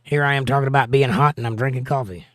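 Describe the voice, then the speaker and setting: A man's voice: mid-range voice, steady tone, fast talker, fairly bright tone, no echo. Man casually reading out live chat. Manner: reads chat messages aloud and answers with dry jokes. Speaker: livestream host reading viewer chat.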